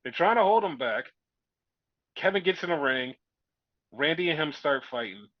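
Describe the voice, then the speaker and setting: A man's voice: a little high, lively intonation, moderate pace, dry recording. A man casually recapping a show in rambling, profane chat and acting out what people said. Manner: rambling, profane, acts out quotes. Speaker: podcast co-host. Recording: dull lo-fi dry sound.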